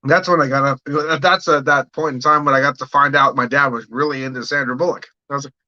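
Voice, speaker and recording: A man's voice: mid-range voice, fairly even intonation, a little fast, pushed and bright, dry recording, muffled recording. A man hosting a casual livestream, rambling and swearing freely while he chats about his brewing plans and answers viewer comments. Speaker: livestream host, home brewer.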